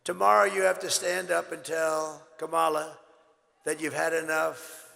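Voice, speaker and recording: An older man giving a rambling, boastful campaign rally speech, his voice hoarse and worn, swinging between loud shouts and low asides. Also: flat delivery, unhurried. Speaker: political candidate at a rally. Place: large rally venue. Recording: reverberant hall with crowd and faint noise.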